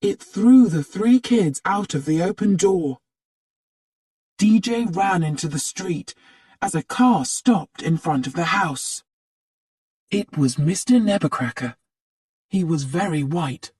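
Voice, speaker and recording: A narrator reading a spooky story aloud slowly for English learners, acting out the characters' lines. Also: mid-range voice, breathy edge, no echo, clean studio sound. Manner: animated read-aloud, acts out the characters' lines.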